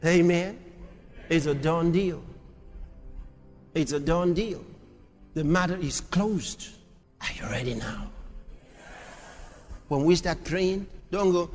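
High voiced preacher guy, slow and drawn out, music going behind him. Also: in a large hall. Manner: shifts from quiet storytelling to shouted exhortation. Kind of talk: sermon.

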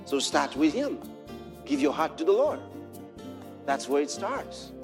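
A male preacher with a high, very animated voice tells a personal story and reads scripture, building to impassioned shouts. Soft music plays faintly behind him. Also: a little slow. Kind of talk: sermon.

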